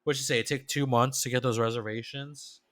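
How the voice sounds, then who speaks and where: A man's voice: mid-range voice, steady tone, a little fast, a bit bright. A man co-hosting a podcast, reacting and thinking aloud in casual chat. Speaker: podcast co-host.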